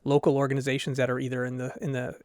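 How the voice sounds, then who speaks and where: A man's voice: medium pitch, monotone, very fast, a little mellow, dry recording, clean studio sound. A man from the Boston area co-hosting a casual podcast, rambling with many fillers and laughing easily. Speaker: co-host.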